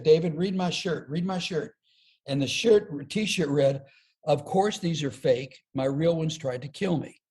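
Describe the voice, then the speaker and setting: An older man, a comedian and speaker, telling a personal story as a podcast guest, lively and self-deprecating, acting out the quotes. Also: on the high side. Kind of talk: storytelling an anecdote.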